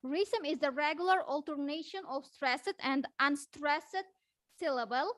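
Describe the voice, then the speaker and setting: A woman's voice: high-pitched, a little slow, a bit bright, no room sound, poor audio. A woman teacher with an Uzbek accent gives a prepared presentation in English, reading definitions with frequent hesitations.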